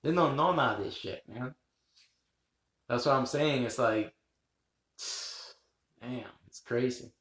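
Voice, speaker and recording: A man's voice: medium pitch, slow pace, long pauses, fairly bright tone, echoey room. A man hosting a rambling live stream, chatting with viewers, laughing often and swearing casually. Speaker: livestream host.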